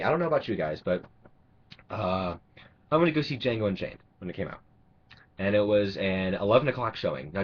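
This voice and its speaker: A man delivering an angry, sarcastic, profanity-laced rant to camera, rambling with restarts. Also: on the low side. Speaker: vlogger. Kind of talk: ranting monologue. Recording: dull lo-fi recording.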